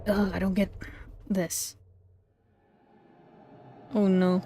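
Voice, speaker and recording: A woman's voice: mid-range voice, lively intonation, unhurried, pauses often, background noise. A woman streamer reading game dialogue aloud and reacting, easily frightened and jumpy. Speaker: streamer playing a horror visual novel.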